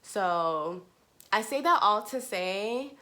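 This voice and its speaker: A woman's voice: medium pitch, lively intonation, slow pace, bright, forceful tone. Young woman, nursing student vlogger, chatty, casual, lots of fillers. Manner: chatty, heavy use of "like" and "you know". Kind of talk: casual storytelling to camera.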